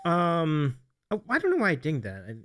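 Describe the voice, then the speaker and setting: A man's voice: a little high, huge pitch swings, normal speed, fairly bright tone. A man hosting a casual livestream chat, reading viewer comments aloud and laughing often. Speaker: host.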